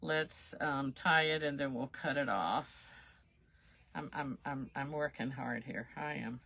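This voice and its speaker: A woman's voice: very deep voice, measured pace, vocal fry, a bit bright, a little hiss or hum. A woman, hosting a chatty crafting livestream and laughing at herself as she works. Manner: folksy, self-chuckling, talks while working.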